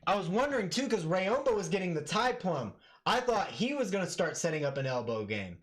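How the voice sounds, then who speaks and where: A man with a high-pitched, brisk voice gives live play-by-play of an MMA fight for his stream. He talks casually and yells with excitement at the big moments.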